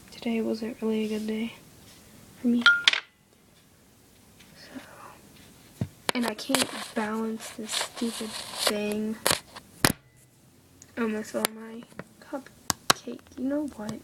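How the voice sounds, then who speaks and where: A teenage girl half-whispering a casual craft tutorial at home, apologetic and easily irritated. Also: on the high side. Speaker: craft video maker. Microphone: iPod camera close by. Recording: faint background noise.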